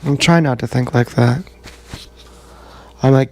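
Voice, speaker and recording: A man's voice: medium pitch, measured pace, pauses often. A man live-streaming a rambling, profane monologue that sounds like he is talking to himself, recorded on an action camera mic. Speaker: vlogger.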